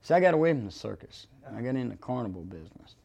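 A man who worked as a circus and carnival barker, talking about his work in an oral history interview and breaking into loud rhyming pitches. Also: sing-song, fast talker, vocal fry, slightly rough. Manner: rhyming showman patter, shouts pitches up high.

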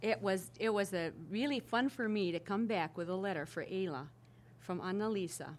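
A woman's voice: medium pitch, normal speed, a little hiss or hum. Chatty older woman telling stories. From Minnesota Iron Range. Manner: chatty, animated anecdote-telling with frequent restarts. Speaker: interviewee. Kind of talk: casual oral-history storytelling.

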